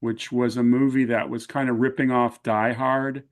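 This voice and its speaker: A man hosting an interview, chatting and reminiscing about films in a relaxed conversational way. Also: mid-range voice, moderate pace. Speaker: interview host.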